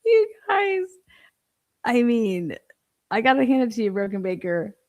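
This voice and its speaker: A woman's voice: mid-range voice, normal speed, darkish tone, dry recording, lo-fi sound. A woman hosting a livestream, reacting crudely and sarcastically to a TV clip, swearing and laughing often. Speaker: livestream host. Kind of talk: casual reaction commentary.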